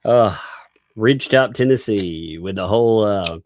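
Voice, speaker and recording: Male stream host, deep and unhurried, rambling, chuckling, many restarts. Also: a little mellow, a little hiss or hum. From Southern United States. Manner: rambling, laughs often, restarts sentences. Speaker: YouTube commentary host. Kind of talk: casual live-stream commentary.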